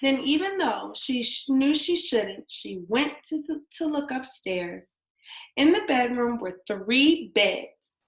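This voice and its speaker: A woman reads a children's story aloud in a sing-song, expressive way. Her voice sits fairly high and swings up and down as she goes. The pace is unhurried, and the room echoes around her. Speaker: storybook reader.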